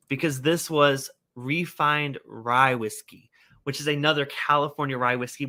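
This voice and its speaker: Bright-voiced man hosting a whiskey livestream. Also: medium pitch. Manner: animated, self-scolding, exclaims often. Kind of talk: casual livestream chat.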